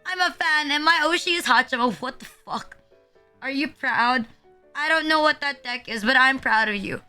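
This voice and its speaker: A woman's voice: high voice, normal speed, sharp tone, soft background music. A woman in her twenties streaming casually, nervous, rambling, swearing and putting herself down. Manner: rambling, profane and self-deprecating. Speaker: VTuber streamer. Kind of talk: casual live-stream chat.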